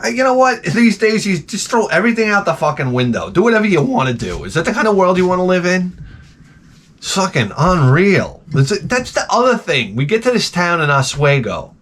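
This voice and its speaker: Crude ranting man, fairly high voice. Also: very animated, brisk, a bit bright. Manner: crude, ranting, swings into mocking impressions. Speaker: podcast host. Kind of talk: rambling profane casual chat.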